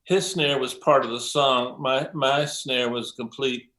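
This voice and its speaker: Animated older man telling studio stories. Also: mid-range voice, unhurried. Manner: animated storyteller, acts out quotes, frequent ums and profanity. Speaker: guest, mix engineer. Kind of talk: casual interview storytelling.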